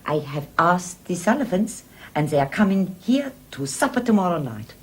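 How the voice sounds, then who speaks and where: A soft-spoken German immigrant mother. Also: on the low side, moderate pace, slightly rough. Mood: soothing. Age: middle-aged. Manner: soft and calming. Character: gentle German immigrant mother, a careful peacemaker.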